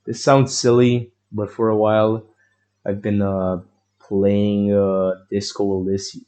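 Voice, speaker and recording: A man's voice: lowish voice, dark tone. A young man telling a long personal story in a rambling, profane way, full of fillers and restarts. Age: young adult. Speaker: vlogger.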